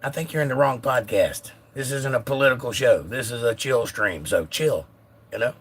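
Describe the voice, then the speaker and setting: A man hosting a casual live stream who is a little hoarse, reading viewer comments aloud in a laid-back way. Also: mid-range voice, normal speed. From United States. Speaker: livestream host reading chat.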